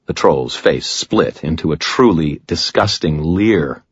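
A man's voice: very deep voice, lively intonation, measured pace, slightly rough, dry recording, muffled recording. A man narrating an audiobook in the first person, with dry, wry storytelling.

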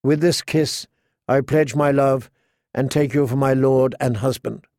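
A man's voice: medium pitch, steady tone, unhurried, darkish tone, dry recording, clean studio sound, natural voice. A man reading the lines of a stubborn young noble bride in his own voice in an audiobook. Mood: tight.

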